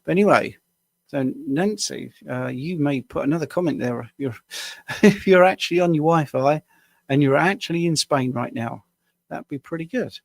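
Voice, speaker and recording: A man's voice: fairly high pitch, normal speed, gravelly, no echo, clean studio sound. A man from the UK, a health coach, answering viewer questions on a live stream in a casual, rambling way with small self-deprecating laughs, tired after a long day at the screen. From United Kingdom.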